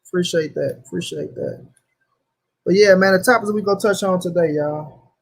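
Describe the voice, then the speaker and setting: Young dude w a high voice, chill slangy stream talk, shouting out viewers. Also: male voice, brisk. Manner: loose slangy talk, greets chatters by name. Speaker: livestream host. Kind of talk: casual livestream chat.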